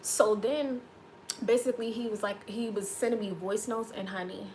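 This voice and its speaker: A woman's voice: medium pitch, fairly even intonation, moderate pace, darkish tone, slight background noise. A woman hosting a casual livestream, chatting playfully with viewers and reading their comments aloud. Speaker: livestream host.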